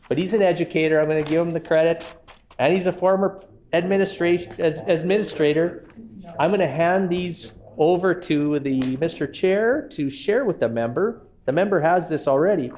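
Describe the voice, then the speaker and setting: Sarcastic Canadian minister in committee debate. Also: male voice, fairly high pitch, moderate pace, a little mellow. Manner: combative, sarcastic, repeats "Mister Chair". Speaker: education minister answering in committee. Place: legislative committee room. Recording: legislative room feed with faint noise.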